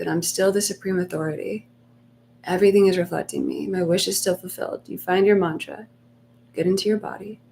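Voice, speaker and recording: Soft-spoken woman coaching a meditation. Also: lowish voice, gravelly, a little hiss or hum. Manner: soft, unhurried, reassuring, often dropping to a near whisper. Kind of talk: live-streamed guided meditation talk.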